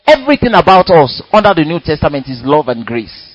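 A man preaching a sermon in a church, animated and dramatic, acting out little quotes as he goes. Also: fairly high pitch, normal speed, no echo, highs cut off, soft background music.

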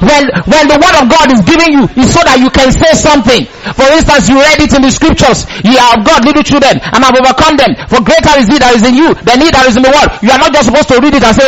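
A man preaching a sermon, emphatic and repetitive, bursting into shouts. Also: extremely high pitch, animated, fast talker, few pauses, poor audio.

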